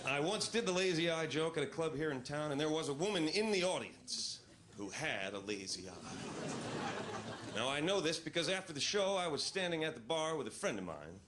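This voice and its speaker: A male stand-up comedian telling stories in a deadpan, incredulous way on a club stage into a handheld mic. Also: on the high side, brisk. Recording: loud audience noise, live club.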